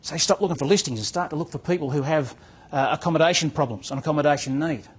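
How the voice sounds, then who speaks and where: Husky man telling a story. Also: fairly high pitch, fast talker. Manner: storytelling, acts out dialogue, repeats words. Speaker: business coach. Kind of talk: motivational talk to real estate agents.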